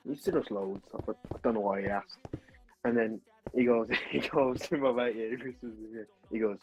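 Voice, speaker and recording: A young streamer rambles through a story while gaming and chatting with friends, laughing and restarting many times. His lowish voice is steady and a little fast, and the recording is muffled with faint music behind.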